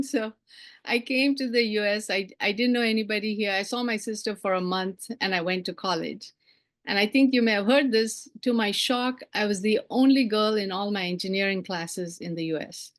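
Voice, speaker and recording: A middle-aged woman from India giving a personal storytelling speech, animated and acting out the voices of the people she quotes. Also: medium pitch, normal speed. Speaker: keynote speaker.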